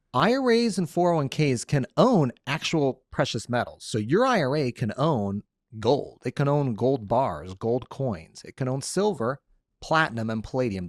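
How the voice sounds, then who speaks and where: A man's voice: medium pitch, dry recording, clean studio sound. A man hosting a casual podcast, answering listener questions in an upbeat, joking way. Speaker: podcast host and lawyer.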